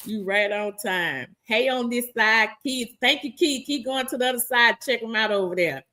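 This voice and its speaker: A woman's voice: on the high side, normal speed. A woman co-hosting a live-streamed talk show, laughing often and reading viewer comments aloud. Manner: lively, laughs often, reads chat aloud with warm greetings.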